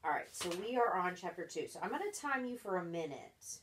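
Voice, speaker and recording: A woman's voice: on the low side, big pitch swings, fairly quick, slight background noise. A woman tutoring a child in reading one-on-one, patient and encouraging, explaining each step.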